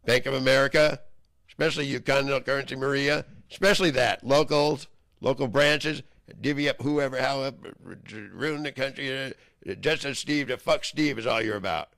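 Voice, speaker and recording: A man in an angry, rambling monologue, his voice gravelly and rough with fry. He curses freely and keeps breaking into loud outbursts, pitched around a typical male middle. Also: normal speed.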